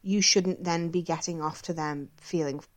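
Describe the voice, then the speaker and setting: A woman's voice: on the low side, fairly even intonation, normal speed. A woman co-hosting a casual chat podcast, reading out listener questions and answering them frankly with plenty of swearing and filler words.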